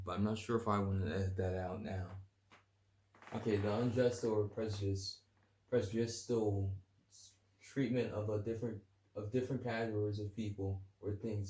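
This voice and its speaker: A man's voice: fairly low pitch, a little mellow. A man hosting a casual solo podcast, rambling and crude, joking and reading definitions aloud. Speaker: podcast host. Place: home room, early morning. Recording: echoey room with faint ambient noise.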